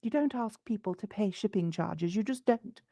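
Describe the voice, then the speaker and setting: In a comic in-character rant, a woman becomes an old, regal figure, supposedly 179, berating a scammer with pompous condescension. She speaks at normal speed with a medium pitch and warm tone, near her everyday voice, in a studio-quality recording with no echo.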